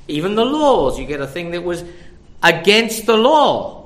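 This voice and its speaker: A man's voice: high-pitched, big pitch swings, unhurried, fairly bright tone. An older man preaching a sermon, conversational and full of rhetorical questions.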